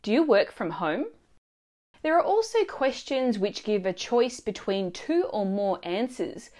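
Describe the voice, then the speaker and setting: A woman narrating a scripted language lesson in a clear, expressive teaching manner. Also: mid-range voice, measured pace. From Australia.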